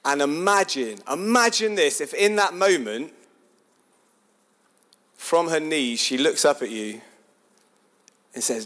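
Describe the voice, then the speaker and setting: A lively man gives a sermon-style talk in a casual, chatty way. He keeps asking his listeners questions, and his voice sits a touch high for a man. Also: measured pace, pauses often. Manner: animated, chatty, asks the audience questions.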